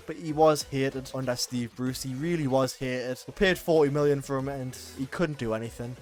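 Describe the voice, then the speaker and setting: A man's voice: mid-range voice, normal speed, few pauses, darkish tone, soft background music. A young man with a northern English accent giving a casual, passionate football opinion monologue, swearing and pleading with players. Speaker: football vlogger.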